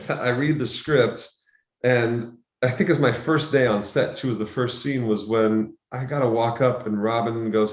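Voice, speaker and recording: A man who is a guest actor, telling stories in an interview, animated and acting out the voices he quotes. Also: medium pitch, unhurried. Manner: animated, acts out quoted voices, frequent restarts. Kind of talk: interview storytelling. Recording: roomy, echoey sound.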